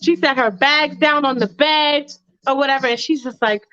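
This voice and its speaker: A high-voiced woman tells a story off the cuff, rambling and slangy with plenty of swearing. She talks straight to her listeners like friends. The recording sounds dull and lo-fi. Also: normal speed, a bit bright, shouting, faint music behind. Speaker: storyteller, podcast host. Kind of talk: casual improvised storytelling.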